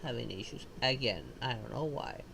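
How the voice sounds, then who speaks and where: A woman's voice: extremely low pitch, normal speed, gravelly, noisy background. Chirpy foxian streamer girl. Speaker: game character livestreamer. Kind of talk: video game voice acting.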